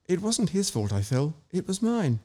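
A man's voice: sits high, very animated, moderate pace, mellow, pitched above the performer's own voice. A man reading a shy young woman in love. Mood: confiding.

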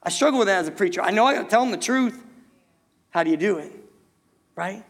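A man's voice: high voice, expressive, fast talker. A male pastor preaching a sermon to his church. He repeats himself, stumbles on words and keeps asking the congregation rhetorical questions. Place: church sanctuary. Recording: long reverb in a hall.

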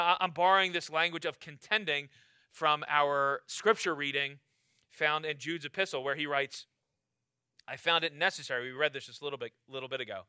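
A man preaching a sermon as pastor, emphatic and repetitive, swinging from loud urging to quiet low lines. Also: clean tone, no echo, studio quality.

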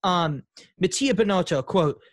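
A man's voice: high voice, animated, a little slow, dry recording, clean studio sound. A man co-hosting a casual podcast chat, laughing often and reading quotes aloud with rambling asides. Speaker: podcast co-host.

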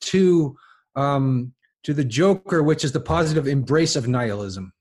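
Podcast guest, male, mid-pitched, halting delivery full of restarts and repeats, musing. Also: a little mellow. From lives in France. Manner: halting, many restarts and repeated words, thinking aloud. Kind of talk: casual intellectual conversation.

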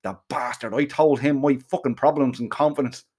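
A man's voice: medium pitch, steady tone, fairly quick, darkish tone, slightly rough. Foul-mouthed Irish man telling a story. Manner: foul-mouthed, rambling, colourful slang. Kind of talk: first-person comic storytelling.

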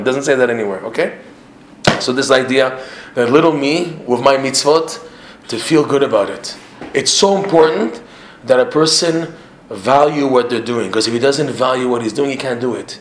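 A man teaching a religious class to his regular students, animated, firing off rhetorical questions and often repeating himself. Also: mid-range voice, a little fast. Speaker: Torah teacher. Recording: echoey room, faint ambience.

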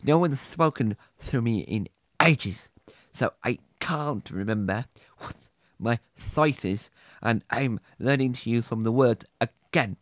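Man voicing a pet fish, male, cheeky, talkative, middle pitch, dry sound. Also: measured pace, dry recording, close to an everyday voice. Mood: sheepish. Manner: cheeky, talkative, clumsy with words.

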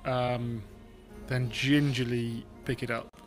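A man playing a tabletop game, describing his character's actions in a quiet, measured way. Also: medium pitch, level tone, soft background music. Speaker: player.

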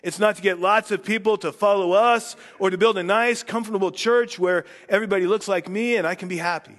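A man's voice: steady tone, a little fast. Earnest male pastor preaching in a reverberant hall. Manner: earnest, rising in pitch and force on key words, dropping soft at phrase ends. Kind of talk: sermon.

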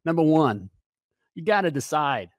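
A man in his fifties hosts a live talk show with a fairly high voice and a punchy, hyped-up delivery. He keeps tossing in "hey" and "all right" as he rallies his viewers. The sound is close and dry. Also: normal speed, dry recording, muffled recording. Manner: energetic hype, peppered with "hey" and "all right".

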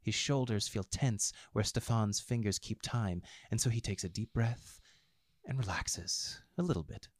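A man narrates a story with wry, expressive timing. His voice sits on the low side and the sound is close and dry, with no room around it. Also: a little slow, no room sound. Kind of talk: audiobook fiction narration.

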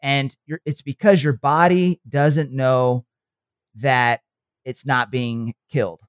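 A man gives an earnest, coach-like motivational podcast talk, often pausing with "okay" and "right" to make sure his listener is following. His voice is middle-pitched, smooth and fairly even in intonation. The recording is close and dry, with no room sound or echo.

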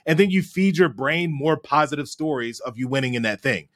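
A man telling a childhood story in a podcast chat, animated and often tagging his sentences with "right?". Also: a little high, fairly quick. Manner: animated storyteller, frequent "right?" tag questions. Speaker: guest.

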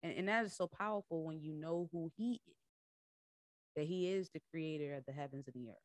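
Low-voiced woman coach teaching casually. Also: a little fast, no echo. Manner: conversational, laughs often, acts out voices in retelling. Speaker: podcast host and coach. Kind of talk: casual Bible teaching talk.

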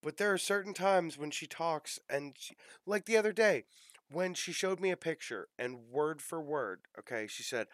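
Animated, teasing man in casual chat. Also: a little high, moderate pace, dry recording, studio quality. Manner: teasing and exasperated. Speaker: podcast co-host.

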